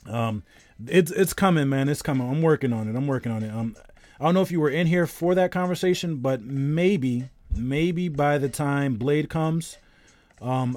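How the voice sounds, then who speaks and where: A man's voice: mid-range voice, darkish tone, no echo. A man around thirty, a game streamer in casual live-stream chat, telling a rambling story while greeting viewers.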